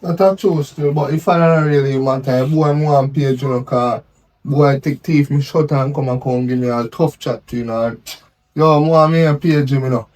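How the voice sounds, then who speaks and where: A man's voice: medium pitch, fairly even intonation, moderate pace, a little mellow, lightly acted. A young man playing a youth who insistently complains to a friend in a web drama. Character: aggrieved young Jamaican man confronting a friend. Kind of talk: web series acting.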